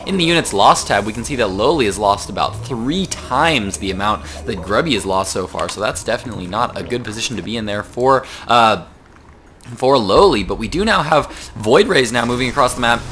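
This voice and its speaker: A young man doing solo play-by-play commentary on a video game match, talking fast with many fillers and a rough morning voice. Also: mid-range voice, expressive, a bit bright, slight background noise. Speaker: esports caster.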